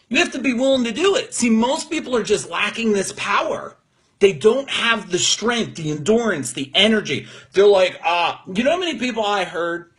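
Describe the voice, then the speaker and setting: A man coaches his live-stream audience in a high, husky voice. He is blunt and profane, and he mocks people who complain. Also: fairly bright tone. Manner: blunt, profane, mocking, mimics whiners in silly voices. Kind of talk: unscripted motivational talk to viewers. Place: room with neighbors next door.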